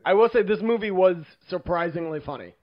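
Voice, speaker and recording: A man's voice: high voice, animated, brisk. Eager young man, dull lo-fi sound. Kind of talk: casual movie discussion.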